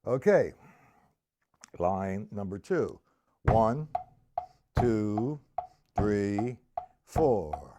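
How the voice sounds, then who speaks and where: On a live stream from a room with a drum set, a man teaches drums over a loud kit playing in the background, with added background noise. His voice is lowish and very animated, with drawn-out words and frequent pauses. He counts beats aloud and explains exercises in a patient, conversational way.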